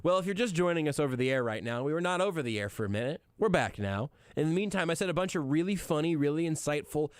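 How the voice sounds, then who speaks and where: A male sports radio host with a smooth, resonant voice, rambling casually and joking his way through the news, with plenty of fillers and restarts. The sound is dry and close, as from a studio mic with no room around it. He sits at an everyday middle pitch. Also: no echo. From Kansas City area. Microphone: studio microphone.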